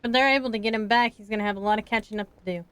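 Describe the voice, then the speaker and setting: A woman's voice: on the high side, steady tone, very fast, a bit bright, smooth, no echo. Playful woman streamer reacting. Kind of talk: casual live game commentary.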